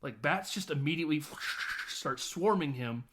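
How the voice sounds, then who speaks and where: A man recounts a film scene by scene in loose, profane chat. He laughs often and drops into quick quoted lines as he goes, at a middle pitch. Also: noisy background. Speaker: podcast host. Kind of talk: casual film recap.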